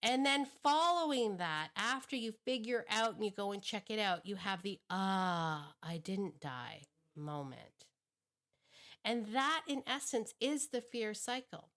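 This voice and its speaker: Animated woman teaching with laughs. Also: a little high, unhurried. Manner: animated, acts out inner thoughts, laughs often; frequent restarts and repeated words. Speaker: dog trainer, show host. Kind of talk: casual teaching monologue.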